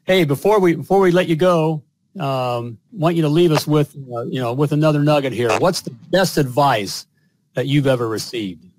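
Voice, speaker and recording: A man's voice: fairly high pitch, moderate pace, a little mellow, no room sound. A man hosting a plumbing podcast in an upbeat, casual way, calling his guest brother. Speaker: podcast host. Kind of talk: casual interview chat.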